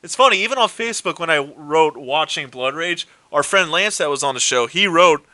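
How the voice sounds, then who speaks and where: A co-host with a fairly high, bright voice talks fairly quickly, retelling horror movie plots in casual chat. He tells them animatedly, acting out characters' lines and swearing freely, and the recording sounds dry and close.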